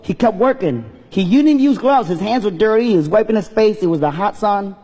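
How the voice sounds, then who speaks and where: Husky, high-voiced man telling a story on stage. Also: expressive, a little fast, dark tone. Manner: earnest, emotional storytelling. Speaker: comedian giving a speech. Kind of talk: personal storytelling speech. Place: stage in a hall. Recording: long reverb in a hall.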